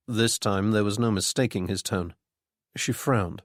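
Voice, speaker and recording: A man giving a measured scripted narration of a mystery audiobook. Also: lowish voice, no echo, clean studio sound.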